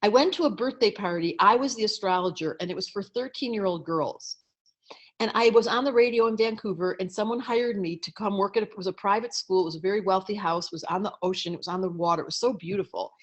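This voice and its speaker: A middle-aged woman astrologer telling a story to an audience in a lively way, acting out quoted lines and clearing her throat now and then. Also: fast talker. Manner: lively storyteller, acts out quotes with raised pitch. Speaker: astrologer and teacher.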